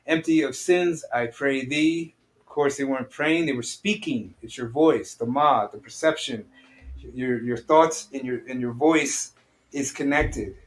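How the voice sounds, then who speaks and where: A man's voice: medium pitch, unhurried. A man teaching an online study group. He reads a text aloud line by line, explains each part in plain talk, and asks his listeners direct questions.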